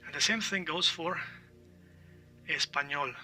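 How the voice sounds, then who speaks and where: A man teaches in a very bright, ringing voice that sits a little high for a man. He repeats words slowly to model their sound and keeps asking "all right?". He is set back from the mic, with faint music underneath. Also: steady tone, distant mic, poor audio. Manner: checks in often with "all right?". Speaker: language teacher. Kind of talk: online language lesson.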